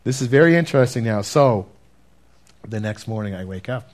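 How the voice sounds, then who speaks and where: A man preaching a sermon and telling his testimony earnestly, talking straight to the congregation and dropping to a hush at key moments. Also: fairly low pitch, expressive, moderate pace. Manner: earnest, addresses listeners directly, swings from loud to hushed.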